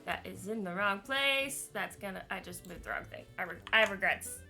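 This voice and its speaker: Woman streamer, bright tone, giggly and chatty, talking through her setup live. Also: mid-range voice, fairly quick, soft background music. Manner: chatty, giggly, thinks aloud while fiddling with settings. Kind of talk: live game stream chat and reading aloud.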